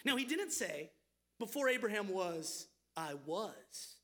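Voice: medium pitch, very animated, takes it slowly, fairly bright tone. A preacher teaching through scripture in an emphatic, conversational sermon, often repeating words mid-thought. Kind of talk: expository sermon.

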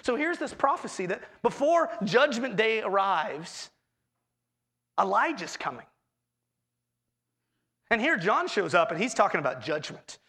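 Gravelly male preacher. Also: high voice, a little slow, long pauses. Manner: expressive preaching with dramatic quoted voices. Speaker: pastor. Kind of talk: sermon.

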